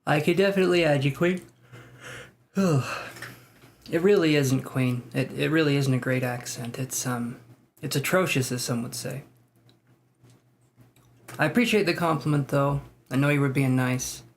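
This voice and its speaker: A man's voice: medium pitch, moderate pace, long pauses. A man hosting a live tarot reading stream, chatting casually, greeting viewers by name and joking about himself.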